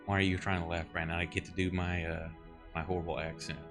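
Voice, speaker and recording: Brief: low, bright-toned male game master, halting delivery, faint music underneath. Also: flat delivery. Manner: halting narration full of fillers. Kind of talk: narrating a tabletop game.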